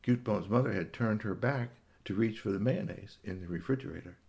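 A man's voice: lowish voice, brisk, vocal fry, a little mellow. A man improvising a children's story about a cat, rambling along with fillers and little gasps.

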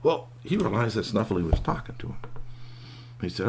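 A man telling a children's tale in a folksy, animated way. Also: on the low side, normal speed, creaky, husky. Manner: lively, folksy, puts on voices for animals. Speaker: storyteller. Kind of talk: oral storytelling.

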